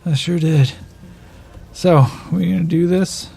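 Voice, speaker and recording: A man's voice: on the high side, slow, vocal fry, dark tone, slightly rough, pitched above the performer's own voice, full character voice. A man voicing a wounded older man who talks in a weary, dry, mocking way. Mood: wry. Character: wounded older man, coughing, grimly wry.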